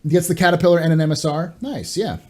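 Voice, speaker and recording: A man's voice: fairly high pitch, fast, darkish tone. A man hosting a live stream, chatting casually and often stumbling over and repeating his words.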